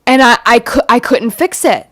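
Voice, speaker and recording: Lively high-voiced woman chiming in. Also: moderate pace. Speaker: podcast co-host. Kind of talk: casual chat.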